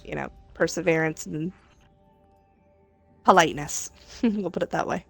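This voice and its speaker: A woman's voice: low-pitched, a little slow, creaky, a bit bright, breathy edge, dry recording, faint music behind. A woman, streaming a game and teasing friends in giggly, casual chat.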